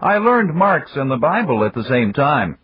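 A man voicing a quiet, earnest young male Venezuelan astronaut who speaks formally. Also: medium pitch, big pitch swings, normal speed, voice pushed up, close to an everyday voice. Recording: dull lo-fi dry recording.

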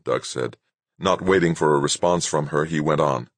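A male audiobook narrator with an extremely deep, husky voice. He reads in a steady, even manner. The studio sound is dry and close. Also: normal speed, no room sound. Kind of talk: scripted narration.

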